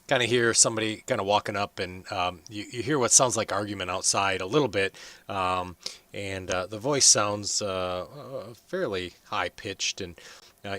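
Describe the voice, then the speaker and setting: A man's voice: on the low side, bright, forceful tone, dry recording. A man narrating as game master, talking loosely with lots of fillers.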